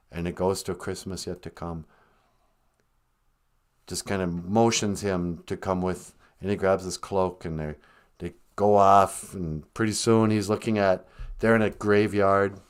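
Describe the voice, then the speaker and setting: A man's voice: sits low, flat delivery, measured pace, smooth. A man hosting a live stream, retelling a story casually, rambling and joking. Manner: rambling, joking, laughs at own jokes.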